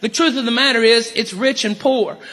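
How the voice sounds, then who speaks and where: A man's voice: very high-pitched, fairly even intonation, normal speed, pushed and bright. A man performing a brash, profane stand-up comedy set before a live audience in a large venue. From Arkansas, US. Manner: brash, profane, punchy delivery with crowd work. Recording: reverberant live hall with crowd laughter.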